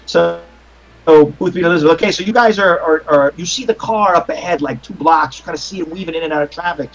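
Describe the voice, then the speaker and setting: Masa oyunu yöneten, tiz sesli, dolambaçlı ve küfürlü konuşan bir adam. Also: male voice, on the high side, quick pace, dull audio, faint music behind. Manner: rambling, many fillers and restarts, swears casually. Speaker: game master. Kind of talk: narrating a tabletop horror game.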